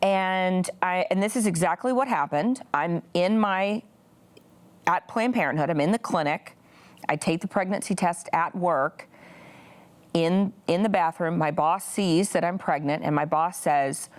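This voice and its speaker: This woman in her forties, a pro-life activist, appears as an interview guest to tell a personal story. Her voice is lowish, smooth, and a little slow, and she speaks earnestly with plenty of "you know" fillers.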